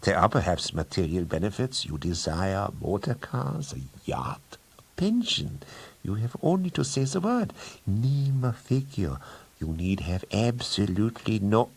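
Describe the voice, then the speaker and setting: A man reading an audiobook, voicing a smooth, scheming middle-aged count who tempts with bribes. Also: lowish voice, expressive, a little slow, voice pushed up, heavily acted. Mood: silky bribing. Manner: smooth, persuasive, wheedling. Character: silky sinister middle-aged male count.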